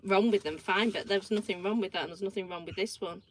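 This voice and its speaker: A woman's voice: medium pitch, quick pace, a little hiss or hum, poor audio. A middle-aged woman, co-hosting a casual chat show and telling stories animatedly, acting out what people said. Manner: animated storytelling, acts out quoted dialogue. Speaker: co-host.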